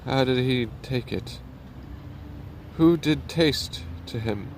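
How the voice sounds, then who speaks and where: A man voicing a bold, blunt male nobleman in a steady, slow play reading. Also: mid-range voice, background noise.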